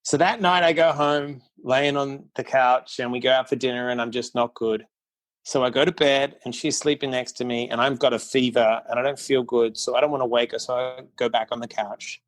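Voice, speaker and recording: A man's voice: mid-range voice, fairly even intonation. Blunt, candid man telling his story. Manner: candid, blunt, fast storytelling with acted quotes. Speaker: podcast guest. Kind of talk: casual storytelling interview.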